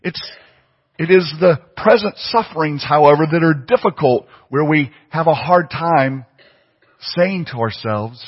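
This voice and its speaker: A man's voice: on the high side, expressive, unhurried, breathy edge. A man preaching a sermon, emphatic and fond of repeating phrases for stress. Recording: muffled audio with long hall reverb.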